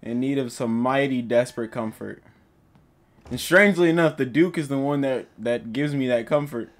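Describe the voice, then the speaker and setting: A man's voice: mid-range voice, moderate pace. A young man commentating a horror game as he plays it, jittery and panicky, talking to himself and his viewers. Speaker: gaming YouTuber.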